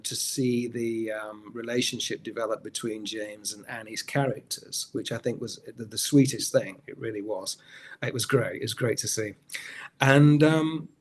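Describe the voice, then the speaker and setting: A middle-aged man, an actor as a guest, telling stories in a relaxed interview, often restarting his sentences. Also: medium pitch. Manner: rambling storyteller, many restarts. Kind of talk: anecdotal interview chat.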